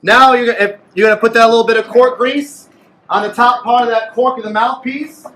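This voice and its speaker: A man's voice: very high voice, steady tone, a little fast, fairly bright tone, a little hiss or hum. A man teaching a beginners' clarinet class, coaching and joking with his students. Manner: playful, coaching a class aloud. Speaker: music teacher. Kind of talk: group clarinet lesson. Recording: echoey room from far off.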